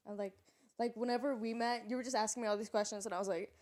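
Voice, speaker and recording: A woman's voice: fairly high pitch, fairly even intonation, fast talker, noisy background. Joking woman from Texas. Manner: jokey and teasing, laughs often. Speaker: podcast co-host. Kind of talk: casual chat.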